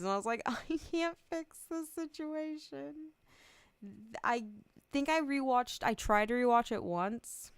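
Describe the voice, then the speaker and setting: A woman's voice: mid-range voice, clear, resonant tone, dry recording. A young adult woman streamer chatting casually, rambling, giggling often and swearing freely. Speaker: VTuber streamer.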